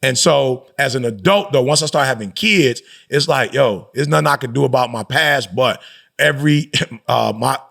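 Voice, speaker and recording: This middle-aged pastor and motivational speaker appears as a podcast guest, opening up in a candid, conversational interview. He speaks at a moderate pace in a mid-range voice that is creaky and a little bright. His manner is reflective yet emphatic, peppered with slang.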